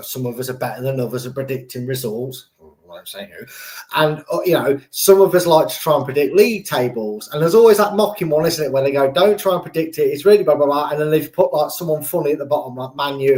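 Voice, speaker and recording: English male host, casual and jokey football chat, slightly raised pitch. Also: fast, a little mellow. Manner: chatty, jokey, rambling with restarts. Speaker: fan channel host.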